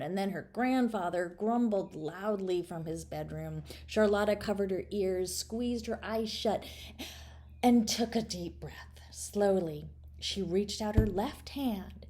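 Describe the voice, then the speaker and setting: Expressive woman reading a storybook aloud. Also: lowish voice. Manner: playful, speaks straight to the listener, drops to whispers. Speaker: children's author reading her own book.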